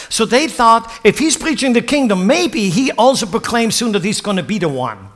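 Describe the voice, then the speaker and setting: A man's voice: high-pitched, very animated, normal speed, hardly any pauses, a bit bright. A male pastor preaching a sermon, dramatic and acting out the voices of people in the scripture. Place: church hall. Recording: long reverb of a church hall.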